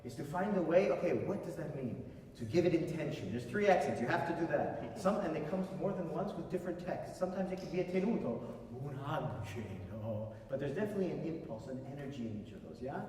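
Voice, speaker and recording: A man conducting a master class, coaching a singer with animated remarks and sung demonstrations. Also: fairly high pitch, fast talker, a little hiss or hum. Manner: animated, sings phrases to demonstrate. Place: concert hall. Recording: echoey hall, voice from far off.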